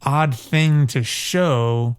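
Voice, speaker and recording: A man's voice: medium pitch, very slow, clean tone. A man co-hosting a podcast, chatting casually about a film, joking and musing aloud. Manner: joking, teasing, reflective. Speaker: podcast co-host.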